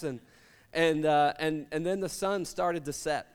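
In a large hall, a middle-aged man with a fairly high pitch preaches unhurriedly and smoothly. As a pastor, he shares humorous personal stories and mimics the voices of the characters in them.

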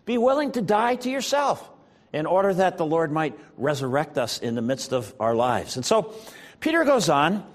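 High, lively-voiced male pastor preaching. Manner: conversational, halting with fillers, retells scripture. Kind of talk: sermon.

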